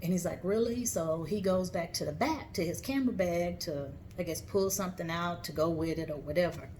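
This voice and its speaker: A woman, telling a personal story on her podcast in an animated, emphatic way. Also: fairly low pitch, brisk, slight background noise. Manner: animated, emphatic retelling with acted-out quotes. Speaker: podcast host.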